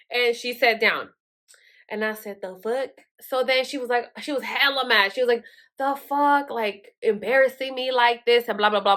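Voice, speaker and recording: A woman's voice: a little high, sharp tone. A woman telling a story in a casual, chatty way, swearing often and filling her speech with "like". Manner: chatty, profane, full of "like" fillers. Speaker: vlogger.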